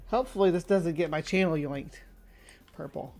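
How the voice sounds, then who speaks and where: A woman's voice: deep voice, normal speed, a little mellow, faint music behind. A woman hosting a casual livestream, talking in a chatty way with plenty of hesitations. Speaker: channel host.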